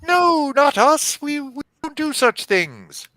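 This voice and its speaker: A man's voice: very high-pitched, big pitch swings, slow, bright, forceful tone, voice pushed up, heavily acted, low-quality recording. A man voicing a small, indignant male fey creature who stammers defensively.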